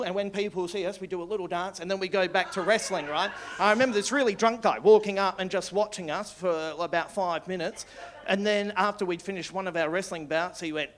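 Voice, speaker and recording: A man's voice: high voice, a bit bright, a little hiss or hum. A man with an Australian accent doing live stand-up, rambling through stories and tagging lines with "right?". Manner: rambling storytelling with many "right?" tags and laughs. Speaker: stand-up comedian. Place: small comedy club with live audience.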